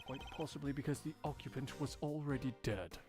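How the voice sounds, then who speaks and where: A man's voice: medium pitch, brisk, loud music behind the voice, natural voice. Guy playing a snooty stern prosecutor, dry n clipped, game fandub. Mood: cool sardonic. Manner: formal, sardonic, clipped. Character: haughty stern male prosecutor. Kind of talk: fan voice-over of a game.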